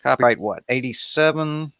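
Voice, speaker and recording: A man's voice: medium pitch, normal speed, fairly bright tone, no echo, studio quality. A man hosting an improvised bible study, reading aloud and commenting in a casual, irreverent way with wandering asides.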